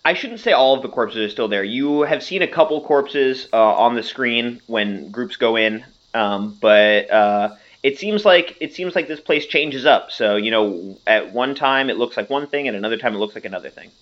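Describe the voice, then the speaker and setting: Lively-pitched man running a tabletop game. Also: lo-fi sound. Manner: halting, filler-heavy explaining. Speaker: game master.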